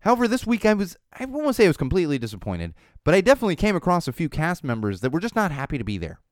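A man in his thirties hosts a casual solo podcast, telling stories with lots of swing in his voice and dropping into muttered asides. His voice is smooth and resonant. The sound is dry and close. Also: on the high side, very fast, no echo. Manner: animated storytelling, ranting, drops to muttering asides. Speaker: podcast host.

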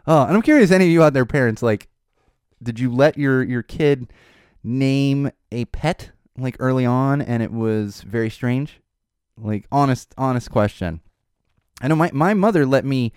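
A man in his thirties hosting a podcast, rambling casually and laughing as he talks, sometimes mimicking a child in a high voice. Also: a little mellow, no echo, clean studio sound. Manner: rambling, self-interrupting, laughing. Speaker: podcast host. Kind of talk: casual chat.

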